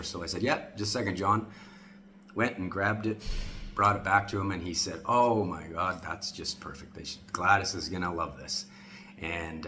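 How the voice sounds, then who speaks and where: Low, bright-toned man sharing a heartfelt anecdote; acts out the quoted lines. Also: a little hiss or hum. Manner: earnest, quotes others in lively voices. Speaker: storyteller. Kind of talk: personal anecdote.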